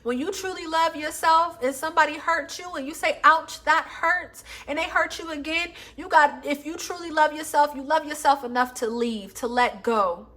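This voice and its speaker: A woman's voice: high-pitched, moderate pace, few pauses, fairly bright tone. A woman reading tarot cards for her viewers, blunt and emphatic, swearing freely and calling listeners baby and honey. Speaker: tarot reader. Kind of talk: casual tarot reading vlog.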